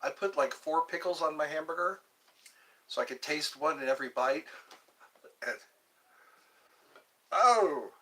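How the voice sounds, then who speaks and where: A man's voice: fairly high pitch, a little slow, long pauses, fairly bright tone. A man hosting a casual livestream, chatting playfully and reading out his viewers' comments. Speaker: livestream host. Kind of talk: casual live chat.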